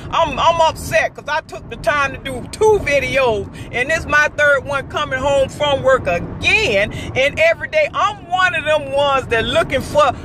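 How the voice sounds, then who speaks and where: A woman's voice: high voice, a little slow, few pauses, noisy background. A woman vlogging her strong opinion from her car on the drive home from work, fired up and preachy, hammering her points again and again. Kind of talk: impassioned opinion vlog.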